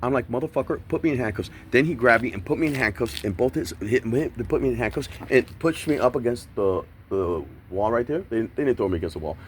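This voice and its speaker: Agitated, fast-talking man, heavily profane. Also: medium pitch, expressive, slight background noise. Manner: agitated, profane, mimics voices while retelling. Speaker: man detained by police. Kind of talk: heated recounting of an arrest. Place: outdoors by a street.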